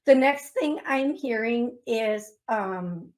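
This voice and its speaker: A woman with an Upper Midwest American accent hosts a call-in radio show. She talks slowly and gently, with a slightly higher voice. She grows emotional now and then while reading listeners' messages. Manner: slow, gentle, emotional, reads chat messages aloud. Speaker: psychic medium radio host.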